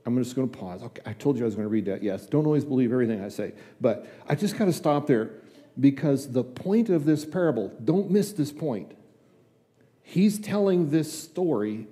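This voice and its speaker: Dark in tone and medium in pitch, an older man's voice trails a long reverb through the church sanctuary. He's a guest preacher and district superintendent giving a chatty, folksy sermon, dramatizing little dialogues with asides.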